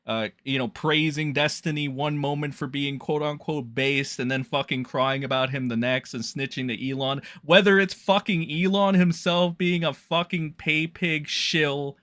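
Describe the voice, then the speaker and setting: A young man hosting a livestream, talking in a rambling, crude, animated way with many fillers. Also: medium pitch, clear, resonant tone. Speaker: streamer host. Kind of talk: casual profane livestream commentary.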